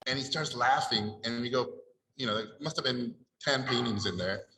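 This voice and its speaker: A man's voice: medium pitch, moderate pace, roomy sound, poor audio. A middle-aged man from Mexico, telling stories on a panel and acting out the people in them. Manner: animated, acts out the people in his stories. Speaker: panelist at an art event. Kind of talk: storytelling at a panel Q&A.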